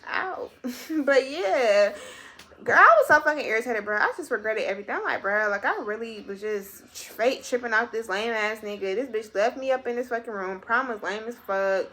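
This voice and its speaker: A young adult woman telling a personal story to her viewers in a casual, animated and very profane way. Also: fairly high pitch, normal speed. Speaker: vlogger.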